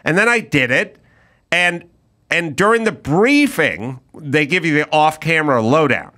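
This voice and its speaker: A man's voice: a little high, unhurried. A middle-aged man hosting a podcast, telling a story in casual chat and acting out the people in it. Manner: animated storyteller, acts out quoted people. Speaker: podcast host.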